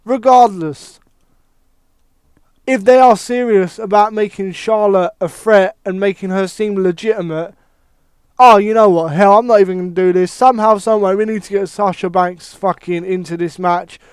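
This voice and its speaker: A man rants about wrestling in a casual, animated way, swearing freely and correcting himself mid-sentence. His voice is high and smooth. The recording is very dry and close. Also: moderate pace, dry recording. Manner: animated, heavy swearing, thinks aloud with restarts. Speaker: wrestling commentator. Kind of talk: casual wrestling opinion monologue.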